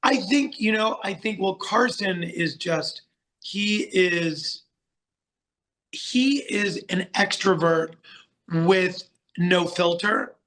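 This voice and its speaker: A middle-aged man tells stories as a podcast guest, rambling and animated with plenty of fillers. His voice sits a little high and sounds bright and forceful. He comes from the United States. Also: slow pace. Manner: chatty, animated storyteller with many fillers and restarts. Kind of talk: casual storytelling interview.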